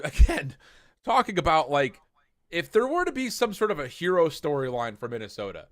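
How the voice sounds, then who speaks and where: A man's voice: high voice, fairly bright tone, no echo, studio quality. A man casually co-casting an esports match, chatty and jokey, rambling with lots of fillers. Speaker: esports co-stream caster.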